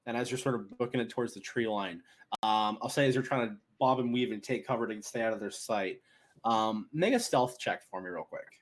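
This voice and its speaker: A man narrating a tabletop game as game master, animated and laughing often as he describes the action. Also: fairly low pitch, fairly quick.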